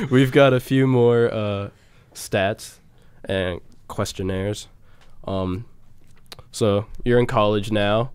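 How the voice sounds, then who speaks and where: A man's voice: fairly low pitch, clean tone, dry recording. Young man rambling casually on radio. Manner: rambling, laughs often, trails off into fillers. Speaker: radio show co-host.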